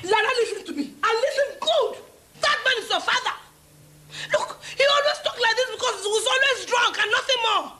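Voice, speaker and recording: A woman's voice: very high-pitched, animated, brisk, sharp tone, full character voice. A woman playing a defensive, scolding middle-aged mother who answers back indignantly. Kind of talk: film drama acting.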